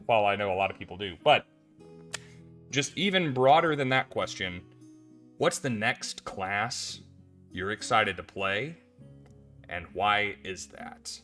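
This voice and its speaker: A man's voice: on the low side, lively intonation, unhurried, long pauses, fairly bright tone, faint music behind. A man hosting a casual podcast chat, thinking aloud and poking fun at himself. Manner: conversational, thinking aloud, self-deprecating. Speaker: podcast host.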